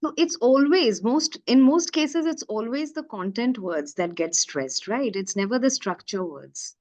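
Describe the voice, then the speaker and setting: A woman's voice: a little high, expressive, unhurried, darkish tone. A woman co-hosting a teaching webinar, adding points and giving frequent hums of agreement. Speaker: co-host. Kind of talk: webinar discussion.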